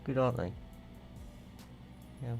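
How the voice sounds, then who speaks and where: A man's voice: slow, soft background music. A man, ranting and swearing in a rambling livestream monologue and reacting to viewer comments. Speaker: livestream host.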